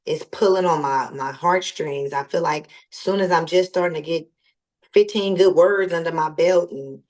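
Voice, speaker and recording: A woman's voice: on the low side, moderate pace, darkish tone. A woman with a Southern US accent, a podcast guest talking openly and earnestly in casual chat. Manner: earnest and open, lots of "like" and "you know".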